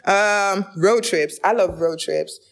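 A young woman hosting a podcast in a relaxed, chatty way. Her voice sits at an ordinary middle pitch, and she tells her stories with energy, playing out the back-and-forth in her own voice. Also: takes it slowly, vocal fry. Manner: chatty storyteller, acting out quoted lines with rising excitement. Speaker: podcast host. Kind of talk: casual podcast chat.

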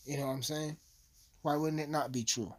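A man's voice: on the high side, fairly even intonation, normal speed. A man delivering a rambling, profane comedic rant as a vlogger, full of asides and swearing.

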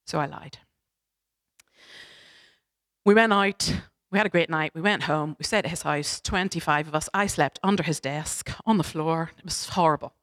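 A young woman giving a sermon, telling a personal story in a chatty, animated, self-deprecating way. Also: low voice, normal speed. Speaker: preacher.

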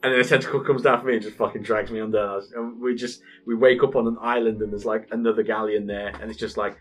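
A man in his thirties, casually co-hosting a podcast, telling an animated, sweary gaming story and laughing often. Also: fairly low pitch, fast, soft background music.

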